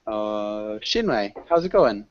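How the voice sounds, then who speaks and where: A man's voice: on the low side, slow, no echo. Male online teacher, easygoing and rambling, dry lo-fi sound. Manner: relaxed, rambling, many fillers. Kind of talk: casual online class chat.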